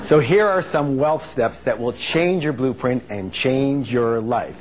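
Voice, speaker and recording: A man's voice: medium pitch, unhurried, noisy background. A man giving a live motivational seminar, emphatic and joking, quizzing the audience and having them repeat phrases back. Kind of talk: live seminar lecture with call-and-response.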